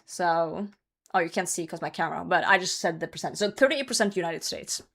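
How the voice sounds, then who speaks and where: A woman's voice: lowish voice, a little fast, creaky, a bit bright. A young woman streamer chatting casually with her chat while gaming, laughing often and swearing now and then. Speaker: live streamer.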